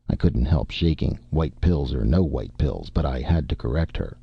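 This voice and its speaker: A man's voice: very deep voice, expressive, moderate pace, gravelly, hardly any pauses, breathy edge, dry recording. A man reading a first-person story aloud with an intense, brooding delivery. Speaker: narrator. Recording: muffled lo-fi recording.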